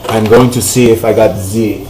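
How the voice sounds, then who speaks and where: A man with a fairly low, darkish voice hosts a casual cooking vlog from his home kitchen, rambling and swearing freely while keeping an even intonation at normal speed. He keeps asking "you know what I'm saying." The low-quality recording carries slight background noise.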